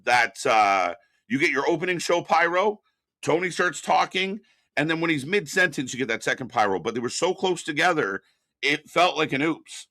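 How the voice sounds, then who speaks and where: A man's voice: a little high, lively intonation, normal speed, sharp tone, no echo, clean studio sound. A man co-hosting a live wrestling reaction stream, chatting casually and greeting viewers in the chat by name.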